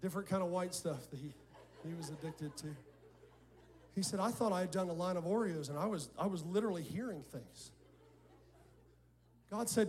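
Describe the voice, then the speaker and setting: High-voiced storytelling pastor. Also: male voice, normal speed, long pauses, slightly rough. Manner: animated storytelling, quoting others and calling on the congregation. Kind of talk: sermon. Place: church sanctuary before a congregation.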